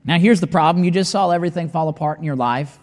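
Guy preaching a sermon, pretty high voice, acts out the doubters, long echo tail on it. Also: quick pace, darkish tone. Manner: voices doubting listeners and scripture in dramatic asides.

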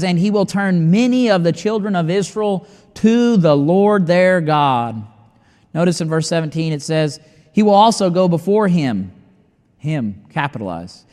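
A man delivers a sermon in a voice pitched high for a man. He moves between reading scripture and dramatic asides where he acts out his listeners' doubts. The sound carries a long reverb tail like a large hall. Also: a little mellow. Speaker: preacher.

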